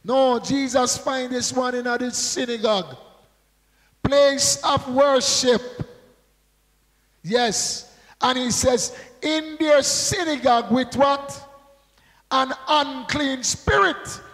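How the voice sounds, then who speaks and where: High-voiced, gravelly man preaching slowly. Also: fairly bright tone, long reverb tail, low-quality recording. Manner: call-and-response preaching with rhetorical questions. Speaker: pastor. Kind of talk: sermon.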